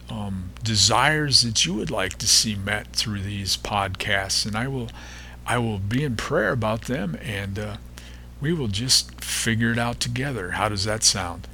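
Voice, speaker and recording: A man hosting a devotional podcast, reading and explaining Bible verses in an unhurried way, pausing often and stressing repeated words. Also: lowish voice, pushed and bright, a little hiss or hum. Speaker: podcast host teaching the Bible.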